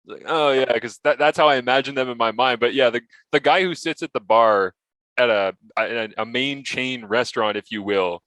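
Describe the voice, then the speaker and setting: A male host with a bright, forceful voice, recorded dry and close with no room echo. He chats with an enthusiastic, talkative energy. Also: medium pitch, moderate pace. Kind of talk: casual chat.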